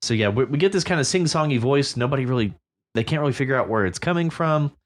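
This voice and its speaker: A man's voice: medium pitch, animated, fast talker. A man co-hosting a podcast, musing casually about a story with plenty of fillers and restarts. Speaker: podcast co-host discussing a story. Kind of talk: casual book-club chat.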